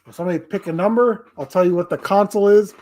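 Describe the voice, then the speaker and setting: A man's voice: high-pitched, fast, darkish tone. A man hosting a casual live stream, rambling and laughing often. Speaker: streamer host.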